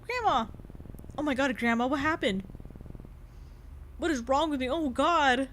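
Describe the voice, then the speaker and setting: A young adult woman streams a game and chats her way through it. Her voice sits a bit high, and she reacts with jumpy, excitable energy, laughing and swearing freely. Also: measured pace, pauses often, slight background noise. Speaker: VTuber streamer. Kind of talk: casual gaming stream commentary.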